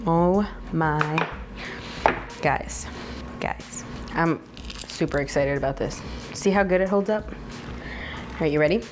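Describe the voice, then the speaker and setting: Slow and low-pitched, with long pauses and music underneath, a woman hosts a home cooking channel. She learned Spanish first, and she keeps things chatty, bubbly and jokey while food sizzles in her kitchen.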